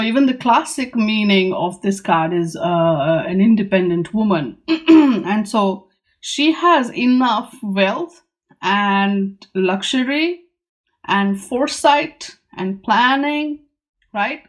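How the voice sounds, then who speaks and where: Chatty woman musing over tarot cards. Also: mid-range voice. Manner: musing, chatty, acts out the figures on the cards in quick asides. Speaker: tarot teacher and channel host. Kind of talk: casual talk-through of tarot cards.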